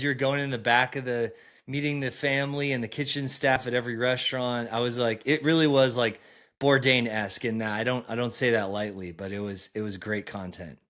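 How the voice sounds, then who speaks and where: A male podcast host with an ordinary mid-range voice. He asks friendly, rambling questions in a relaxed interview. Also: medium pitch.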